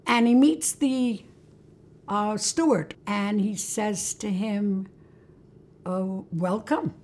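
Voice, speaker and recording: A woman's voice: mid-range voice, slow, darkish tone. A woman hosting a religious talk, telling a story in a conversational way and inviting listeners along. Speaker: host.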